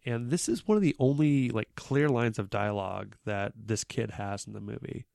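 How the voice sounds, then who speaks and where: A man's voice: mid-range voice, moderate pace, creaky, darkish tone, no echo, clean studio sound. A man co-hosting a podcast, casually recapping a movie plot in a laid-back way with fillers. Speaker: podcast co-host.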